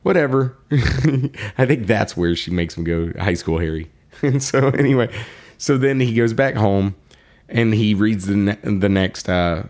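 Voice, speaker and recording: A man with a lowish voice chats casually as a podcast co-host, recapping a story. He keeps breaking into laughter and slips into quick little voices for each character's lines. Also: a little mellow. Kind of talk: casual chat retelling a story.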